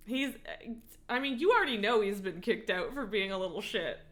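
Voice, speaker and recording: A woman's voice: on the high side, slow pace, a bit bright. A young woman streaming a game live, chatting casually, swearing and laughing often. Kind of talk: casual live gaming commentary.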